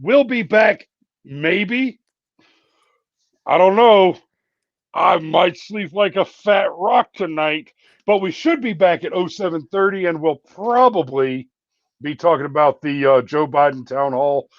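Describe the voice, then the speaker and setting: A man's voice: a little high, a little slow, no echo, muffled recording. A man hosting a casual podcast, joking and swearing freely in banter with his guests. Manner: profane, joking, animated. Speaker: show host.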